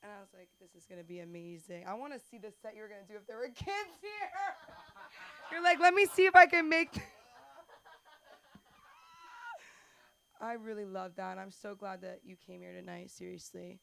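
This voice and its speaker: A woman's voice: medium pitch, sing-song, unhurried, gravelly, long pauses, a bit bright. A woman hosting an open mic comedy night, gushing with enthusiasm between acts. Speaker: host. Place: comedy club stage.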